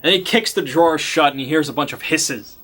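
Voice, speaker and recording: A man's voice: on the high side, fairly quick, fairly bright tone, breathy edge. A man game master casually retelling a tabletop game session, laughing often and swearing casually.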